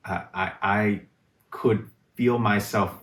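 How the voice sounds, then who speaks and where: A man's voice: on the low side, steady tone, slow, fairly bright tone. A man talking in a reflective casual conversation, thinking aloud and searching for his words. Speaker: guest in a conversation on relationships. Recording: roomy echo.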